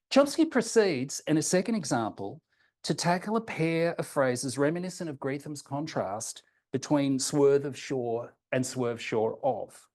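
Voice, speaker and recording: A man presenting a prepared academic seminar paper, reading it in a measured way and slowing down deliberately for quoted examples. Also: medium pitch, animated, darkish tone. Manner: measured, reads quotations slowly and deliberately.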